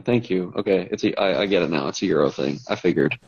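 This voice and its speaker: A man's voice: deep voice, fast, muffled recording, a little hiss or hum. A man co-hosting a podcast in casual chat, telling stories with mock outrage. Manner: animated, mock-outraged storytelling. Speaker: podcast co-host.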